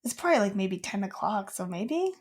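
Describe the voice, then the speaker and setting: A woman's voice: mid-range voice, sing-song, brisk, slightly rough. Young woman, podcast co-host, casual chat, rambling storyteller.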